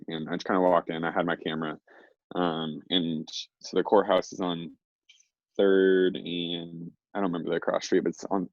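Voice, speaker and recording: Low, gravelly young man rambling casually. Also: no room sound. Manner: rambling, heavy on fillers. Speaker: interview guest. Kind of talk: casual storytelling. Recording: dry, slightly dull lo-fi recording.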